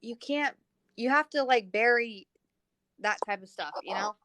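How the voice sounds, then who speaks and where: A woman joining a live stream, telling a story in an animated, profane way. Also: a little high, a little slow, no echo, rough recording. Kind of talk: casual live-stream chat.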